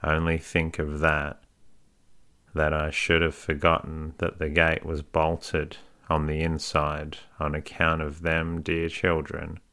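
A man's voice: rumbling low, completely flat delivery, slow pace, pushed and bright, exaggerated voice. A man voicing a fawning, scheming woman who looks after orphans, wheedling and overly humble, read as a bedtime story.

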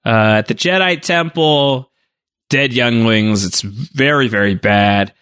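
A man with a bright, ringing voice chats casually on a podcast, recapping a movie with a joking edge. He keeps breaking into quick goofy voices for the characters while telling the story. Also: medium pitch, clear, resonant tone. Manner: jokey, slips into quick silly character voices. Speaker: podcast co-host. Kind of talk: casual chat recapping a film.

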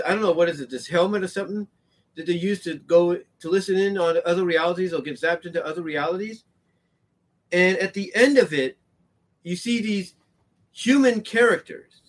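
Rambling, excitable man, slightly high voice. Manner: rambling, many fillers and restarts, grows excited. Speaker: commentator on animation history. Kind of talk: casual monologue.

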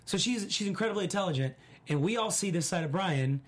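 A woman hosting a casual recap chat, reading out viewer comments and acting out quotes in an animated way. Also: fairly low pitch, fast talker, slightly rough. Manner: animated, acts out quotes from the show. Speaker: podcast host.

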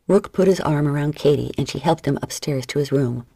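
Low husky woman narrating. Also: brisk, few pauses, mellow, no room sound. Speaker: audiobook narrator. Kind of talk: scripted narration.

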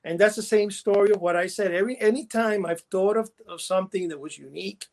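A man's voice: sits high, fast talker, darkish tone. A man co-hosting a casual chat show, rambling through his stories with restarts and laughing at his own jokes. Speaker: podcast co-host.

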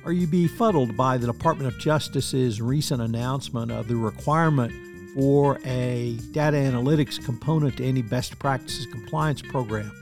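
A man, the podcast host, reading a brisk, polished scripted outro and promo. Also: mid-range voice, vocal fry. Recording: music bed behind the voice.

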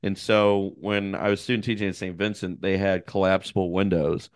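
A man's voice: low voice, little pitch movement, normal speed, clean tone, no room sound, clean studio sound. A young man co-hosting a podcast, telling rambling stories in casual chat, acting out quotes and laughing a lot. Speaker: podcast co-host.

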